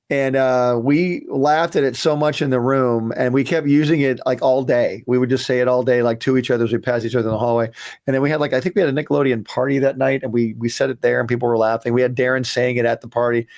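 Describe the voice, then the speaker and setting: A man's voice: medium pitch, a little mellow. Chatty man reacting to a cartoon. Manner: chatty, anecdotal, with frequent ums and restarts. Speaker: cartoon creator reacting to his show. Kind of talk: casual reaction commentary.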